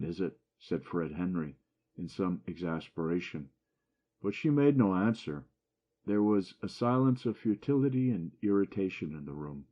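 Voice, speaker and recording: Man, audiobook narrator, very low voice, dull lo-fi sound, classic short story reading. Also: expressive, moderate pace, warm tone. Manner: lifts his voice for dialogue, drops for narration.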